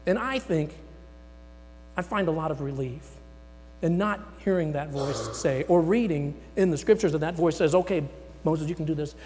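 A man preaching a sermon, dramatically voicing the words of God and Moses, swinging between loud emphasis and near-whispers. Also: a little high, lively intonation, moderate pace, faint music behind. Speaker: pastor. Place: church sanctuary. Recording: long hall reverb with mains hum.

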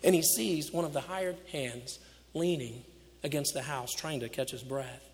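A man preaching a storytelling sermon, swinging from loud to hushed and laughing off his own slips. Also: a little high, moderate pace. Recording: echoey hall.

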